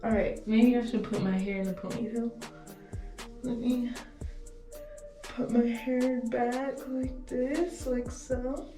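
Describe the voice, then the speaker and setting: Young woman, casual home vlogger, nervous and chatty, slow delivery; roomy, distant mic. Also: on the high side, steady tone, mellow. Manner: nervous, chatty, swears and laughs to herself. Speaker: beauty vlogger. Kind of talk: casual vlog talk to camera. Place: indoor room at home. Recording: echoey room, off-mic, music behind.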